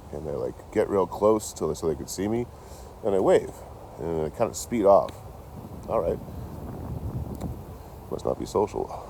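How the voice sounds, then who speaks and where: Outdoors near his camp, a young male vlogger tells a rambling, casual story, swearing and laughing often. His voice is deep and darkish, with a little hiss or hum in the audio.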